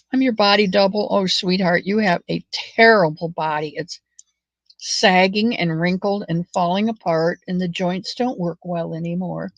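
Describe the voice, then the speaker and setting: A woman hosting a knit-along, chatting in a rambling, folksy way with soft muttered asides while she knits. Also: lowish voice, unhurried, no room sound, lo-fi sound. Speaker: knitting channel host. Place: at home, knitting.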